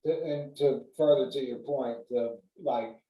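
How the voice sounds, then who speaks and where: A man in casual podcast chat, telling stories in a profane, animated way. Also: mid-range voice, unhurried. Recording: roomy sound, mic at a distance.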